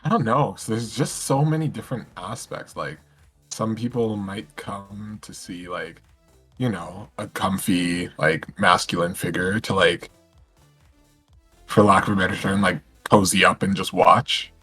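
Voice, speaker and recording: Deep, husky, relaxed-sounding man. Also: a little slow, faint music behind. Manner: hesitant, full of fillers and restarts. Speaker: podcast guest, streamer. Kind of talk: casual podcast chat.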